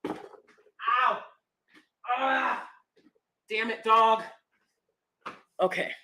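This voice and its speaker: A woman's voice: on the high side, animated, normal speed, a bit bright. A woman, hosting a casual opinionated livestream, blunt and sassy, laughing often. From United States. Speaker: livestream host reading chat.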